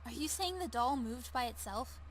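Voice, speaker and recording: A man squeaking as an angsty teen boy. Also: lively intonation, moderate pace, a bit bright, a little hiss or hum. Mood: scolding. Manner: high squeaky put-on voice, scolding. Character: angsty fourteen-year-old boy, dismissive.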